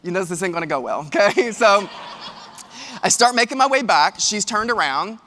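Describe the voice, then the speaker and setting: High, bright-voiced man in a hall. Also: normal speed, a little hiss or hum. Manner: animated storytelling, addresses audience directly. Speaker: keynote speaker. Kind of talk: motivational keynote. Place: large hall with live audience. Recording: long hall reverb.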